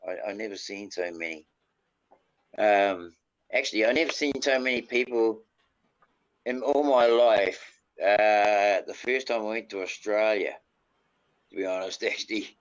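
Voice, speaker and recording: A New Zealand man spins a long, meandering anecdote at an unhurried pace. His words arrive over dull, lo-fi audio, and he leans on mild swearing as he goes. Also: lowish voice. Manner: rambling, peppers speech with "bloody". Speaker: panel guest. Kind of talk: casual storytelling.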